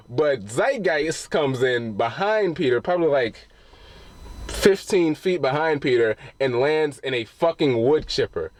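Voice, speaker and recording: A man's voice: fairly high pitch, a little mellow, no room sound. A man giving a casual spoiler recap of a film, talking loosely with cursing and frequent restarts. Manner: loose and profane, full of restarts. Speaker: movie reviewer.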